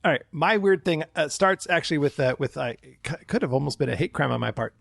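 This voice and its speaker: A man's voice: on the high side, animated, quick pace, vocal fry, a bit bright, no echo, studio quality. A man co-hosting a podcast, telling a work story in casual chat and acting out the people in it with raised voices. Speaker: podcast co-host, former theme park worker.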